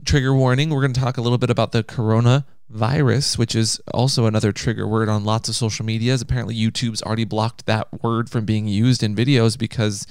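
A man's voice: medium pitch, steady tone, a little fast, few pauses, darkish tone, smooth, no echo, clean studio sound. A man hosting a podcast in casual chat, teasing and playful. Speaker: podcast host.

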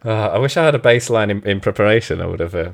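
A man's voice: lowish voice, animated, rapid-fire, vocal fry. Laid-back man chatting. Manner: self-deprecating, laughs often. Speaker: podcast co-host. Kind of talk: casual chat.

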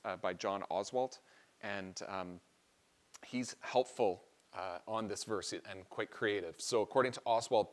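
A man's voice: lowish voice, a bit bright. A man preaching a sermon, explaining a Bible passage in an earnest, teaching manner and lifting his voice on key phrases.

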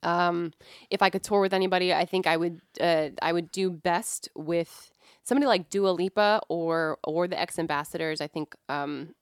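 A woman's voice: on the low side, fairly even intonation, moderate pace, clear, resonant tone, no room sound, clean studio sound. A woman musician talking casually as a podcast guest, joking and using lots of fillers. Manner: chatty, jokey, many fillers.

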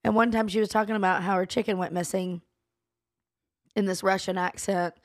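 Gravelly woman co-host. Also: mid-range voice, steady tone, brisk, dry recording, studio quality. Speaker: podcast co-host. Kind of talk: casual chat.

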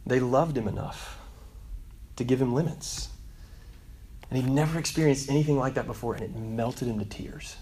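A man in his thirties preaching a sermon, telling a story and acting out the quotes in softer voices. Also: mid-range voice, moderate pace, long pauses, a little hiss or hum. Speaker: pastor.

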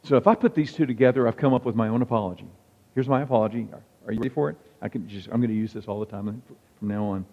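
A man's voice: mid-range voice, rapid-fire. A male pastor preaching a sermon in a conversational, wry manner, quoting examples as he goes. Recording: dull sound with long hall reverb.

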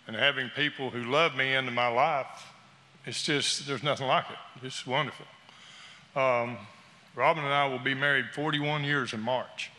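A man in his sixties speaks candidly and earnestly to a church gathering, talking off the cuff rather than from notes. His voice has a bright, forceful edge. A long reverb from the hall trails his words. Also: medium pitch, steady tone, normal speed, a little hiss or hum. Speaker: church small-group member giving a talk. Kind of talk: off-the-cuff testimony.

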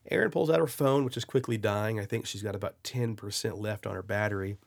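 A man hosting a podcast, telling a story in a casual, animated way, with profanity and lots of asides. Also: fairly low pitch, no echo, clean studio sound. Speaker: podcast host.

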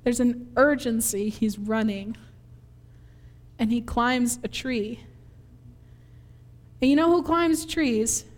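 A woman from Minnesota preaches in a chatty, animated way, laughing as she acts out scenes from her childhood. Her voice sits high. Long reverb from a large hall hangs behind her. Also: slow pace, pauses often. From Minnesota, USA. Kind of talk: conversational sermon with personal story.

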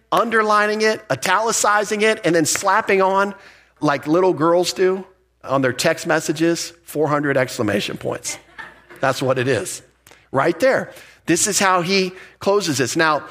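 A man as a pastor preaching an expository sermon, conversational and animated, building up emphasis as he makes a point. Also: medium pitch.

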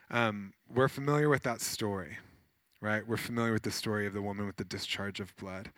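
A male pastor delivering a sermon with a bright, pointed tone. He reads scripture aloud, then talks in an easygoing, slightly snarky way and breaks into urgent acted-out scenes. The sound is close and dry, with almost no room echo. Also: lowish voice. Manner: conversational, a little snarky, acts out scenes with rising urgency.

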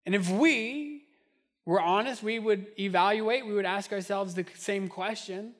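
A man's voice: sits high, unhurried, fairly bright tone. A man preaching a sermon as pastor, impassioned and repetitive, building in intensity as he goes.

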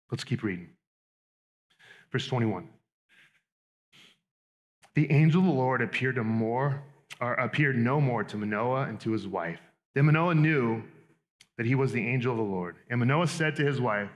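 A man preaching a sermon in a conversational, animated way with quick asides. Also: medium pitch. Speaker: pastor.

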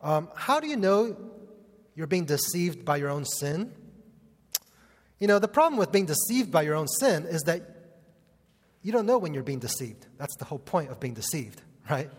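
A man's voice: on the high side, very animated, moderate pace, pauses often, slightly rough. A man preaching a sermon, earnest and conversational, with casual fillers mixed into the teaching. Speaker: pastor. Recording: long hall reverb.

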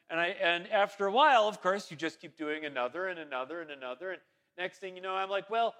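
A man's voice: a little high, fairly bright tone. A man, a pastor, telling a casual, self-deprecating story in a sermon, rambling with many fillers and restarts.

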